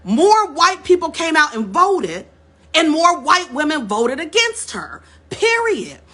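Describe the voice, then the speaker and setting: A woman's voice: high-pitched, sing-song, slow, sharp tone. A woman telling a story straight to her viewers in a casual vlog, calling them y'all, repeating words as she goes and building to emphatic points. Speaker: vlogger. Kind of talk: casual direct-to-camera storytelling.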